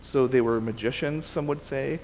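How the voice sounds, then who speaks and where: A man gives a relaxed, conversational sermon in a church sanctuary at a middle pitch. He often restarts his sentences and corrects himself as he goes. His voice carries a long hall reverb over faint background noise. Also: normal speed. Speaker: preacher. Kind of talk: casual sermon with scripture reading.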